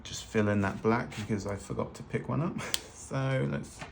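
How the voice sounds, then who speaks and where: Casual drawing tutorial narration: a man teaches fashion illustration loosely and chattily, self-deprecating as he draws. His lowish voice has vocal fry and runs at normal speed. The hands-only overhead camera recording has background noise.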